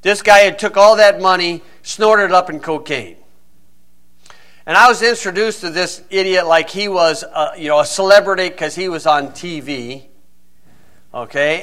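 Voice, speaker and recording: A man's voice: fairly high pitch, fairly bright tone. A middle-aged man preaching a sermon, blunt and scornful, firing off rhetorical questions.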